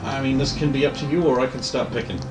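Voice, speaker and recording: A man's voice: medium pitch, steady tone, fast, background noise. A man narrating a tabletop game as game master, playful and theatrical. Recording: roomy, distant, music behind.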